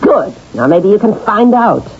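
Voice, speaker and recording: An actress playing a brisk, impatient woman newspaper managing editor in a vintage radio drama. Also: mid-range voice, big pitch swings, a little mellow, slightly rough, exaggerated voice. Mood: bossy. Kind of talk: 1970s radio drama acting. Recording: dull old radio broadcast.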